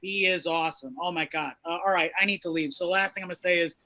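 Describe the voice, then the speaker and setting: Man, comedy co-host, brassy bright voice, profane rambling banter. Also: fairly high pitch, steady tone, fast talker. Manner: loud, rambling, profane jokes. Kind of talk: stand-up banter.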